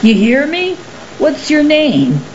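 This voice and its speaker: A woman reading an audiobook, voicing a huge, lonely, rough-spoken male creature who talks bluntly and loudly. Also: high-pitched, sing-song, slow pace, voice pushed up, exaggerated voice. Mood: gruff. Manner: blunt, exasperated, loud. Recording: slightly muffled with faint hiss.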